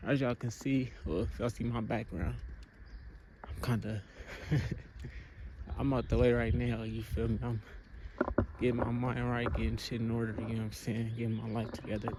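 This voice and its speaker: A motivational vlogger talks casually to his phone camera while walking through the countryside, out of breath and using lots of slang and fillers. His voice is mid-range with little pitch movement, his pace is moderate, and the background is noisy.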